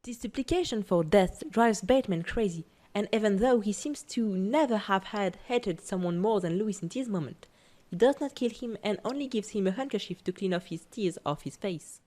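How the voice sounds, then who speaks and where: Mellow woman reading a video essay. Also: medium pitch, lively intonation, moderate pace. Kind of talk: scripted essay narration.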